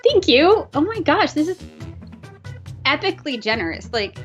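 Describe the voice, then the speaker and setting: A woman with a fairly high voice hosts a casual livestream and reads out viewers' messages with heartfelt, gushing thanks. Soft music plays faintly under her voice. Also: very animated, normal speed, highs cut off. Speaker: host.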